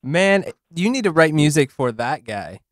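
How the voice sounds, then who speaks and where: A man's voice: a little high, very animated, moderate pace, dry recording, studio quality. Giggly enthusiastic young man hosting. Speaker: podcast host. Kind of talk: casual chat.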